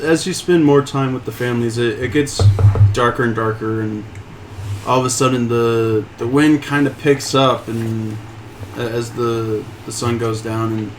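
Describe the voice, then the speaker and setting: Halting man running a tabletop game. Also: mid-range voice, a little hiss or hum, rough recording. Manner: halting, full of fillers and restarts. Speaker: game master.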